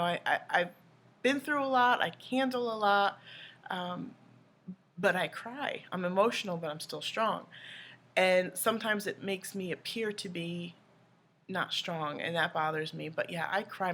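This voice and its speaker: Bright-voiced woman vlogger, rambling and candid. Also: mid-range voice, a little hiss or hum. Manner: rambling, candid, lots of fillers. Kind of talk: casual chat to camera.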